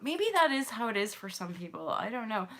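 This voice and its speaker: A woman in her thirties, a yoga and meditation teacher, talking casually to her viewers in an emotional, expressive way, laughing often and swearing freely. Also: medium pitch, a little fast. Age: 30s. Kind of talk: emotional casual talk to camera.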